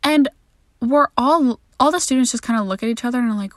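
A woman's voice: a little high, brisk, dry recording. Candid young woman, dry close voice. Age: young adult. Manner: candid, self-deprecating, sweary, animated quoting. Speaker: podcast host. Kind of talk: casual storytelling monologue.

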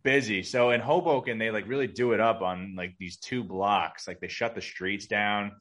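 A man's voice: fairly low pitch, steady tone, normal speed, a bit bright. A man in his thirties, a podcast co-host, telling stories in an easygoing, wry way. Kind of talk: casual chat.

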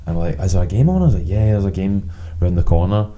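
Deep, dark-voiced Scottish man telling sweary stories. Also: expressive, quick pace, poor audio. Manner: sweary, rambling anecdotes with quoted back-and-forth. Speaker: podcast co-host. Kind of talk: casual storytelling chat.

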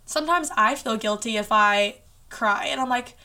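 A woman's voice: on the high side, normal speed, pushed and bright. A woman hosting a casual faith podcast, talking earnestly and chattily with lots of "like" fillers. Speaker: podcast host.

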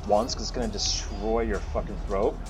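A man's voice: fairly low pitch, level tone, moderate pace, darkish tone. A man narrating as game master of a tabletop game, casual and swearing freely. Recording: muffled audio with music.

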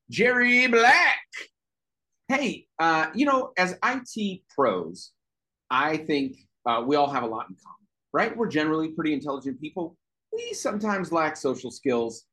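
A man's voice: a little high, a bit bright. A man hosting and performing a stand-up comedy bit, chatty and checking in with the audience. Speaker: host.

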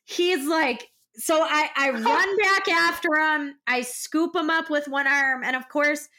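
A young woman with a high, bright voice chats casually as a podcast co-host. She tells stories animatedly and acts out the scenes as she goes. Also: unhurried. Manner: animated storytelling, acting out scenes. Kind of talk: casual chat.

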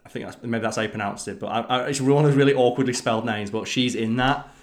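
A man's voice: medium pitch, fast. A man in casual podcast chat, telling stories with enthusiasm and plenty of swearing.

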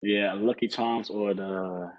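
A man's voice: lowish voice, fairly even intonation, takes it slowly. A young man from Texas, speaking as a guest in a casual interview and answering politely. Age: young adult. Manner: polite, answers with "yes, sir". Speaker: guest, student athlete. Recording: dull lo-fi sound.

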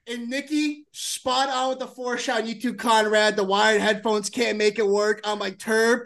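A man hosting a casual sports podcast, talking in excitable, profane, rambling banter. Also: high voice, unhurried, creaky. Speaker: podcast host.

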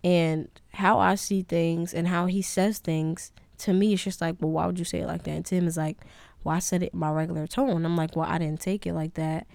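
A young woman with a slightly low voice talks alone in a candid, meandering way, owning up to her own faults. Her sound is dry and close, with no room around it. It feels like a casual podcast monologue. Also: fairly even intonation, a little fast, creaky, darkish tone, no echo. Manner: candid, rambling, self-critical. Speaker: podcast host.

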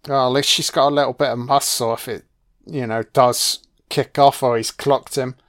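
A man's voice: mid-range voice, fairly even intonation, normal speed. A man giving casual watch-along film commentary, swearing freely and talking back at the screen. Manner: profane, reactive, talks back at the screen.

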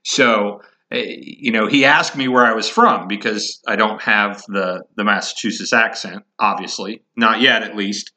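A man's voice: fairly low pitch, unhurried, hardly any pauses, bright, forceful tone. A middle-aged man from Indiana telling a casual story on his podcast, rambling with many restarts and chuckles. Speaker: podcast host.

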